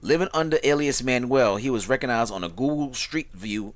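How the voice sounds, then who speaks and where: A man's voice: medium pitch, animated, brisk. A man hosting a podcast, joking crudely and reading out news items in casual banter. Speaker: podcast host.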